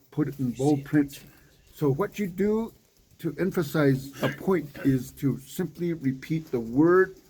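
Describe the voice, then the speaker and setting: Guy teaching bible study to a small group, slow easy pace, chatty asides. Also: on the high side, dark tone, poor audio. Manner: unhurried, conversational, with asides and repeated words. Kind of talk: informal Bible teaching, reading scripture aloud.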